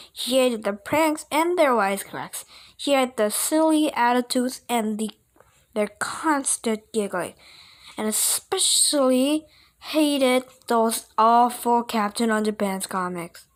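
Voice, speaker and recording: A woman reading a children's book aloud, in a playful manner with chatty asides and the odd slip. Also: fairly high pitch. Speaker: audiobook reader.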